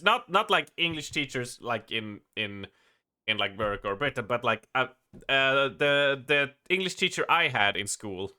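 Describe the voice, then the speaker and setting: A man's voice: medium pitch, lively intonation, moderate pace, bright, forceful tone, smooth. A man from Sweden with a Swedish accent, chatting casually on a live gaming stream, laughing often, swearing and restarting his sentences.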